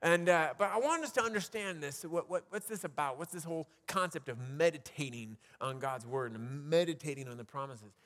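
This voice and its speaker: Male pastor, higher pitch, casual preaching style full of restarts, recorded in a reverberant hall. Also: animated, a little fast, few pauses, a bit bright. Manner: conversational preaching with frequent restarts and rhetorical questions. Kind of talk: sermon.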